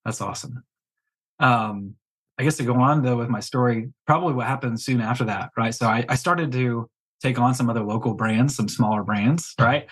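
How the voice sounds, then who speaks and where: Guest, male, mid-pitched husky voice, relaxed, rambling first-person account. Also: moderate pace, rough recording. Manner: candid storytelling with many fillers. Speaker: guest, business coach. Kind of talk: casual interview chat.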